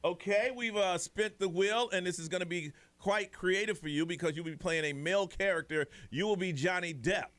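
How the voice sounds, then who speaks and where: A male morning radio host with a high, bright voice, running a call-in game with energy. He laughs often and paces it like a game show. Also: moderate pace, hardly any pauses. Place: radio studio.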